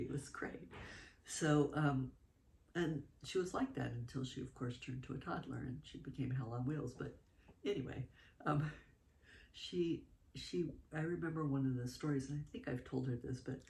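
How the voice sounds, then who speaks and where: A mother telling animated stories about her children in a casual interview, laughing often. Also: extremely low pitch, vocal fry. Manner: animated, laughing, with fillers and asides. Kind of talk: casual spoken storytelling.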